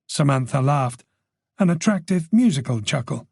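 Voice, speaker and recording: Casting: male thriller narrator, husky and gravelly, dry close sound. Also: medium pitch, moderate pace, darkish tone, no room sound. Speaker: audiobook narrator. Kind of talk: scripted narration.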